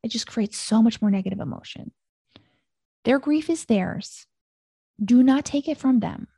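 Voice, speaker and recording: Gravelly, husky woman with a reassuring voice. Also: on the high side, normal speed, no echo. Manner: gentle, reassuring, repeats calming phrases. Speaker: podcast host. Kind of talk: solo podcast teaching talk.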